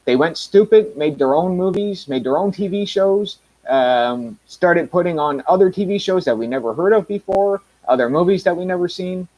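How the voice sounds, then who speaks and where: A man's voice: high voice, animated, moderate pace, darkish tone, rough recording. A Canadian man with a mild Canadian accent talking casually to his viewers, rambling with lots of ums, restarts and blunt remarks. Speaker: reviewer.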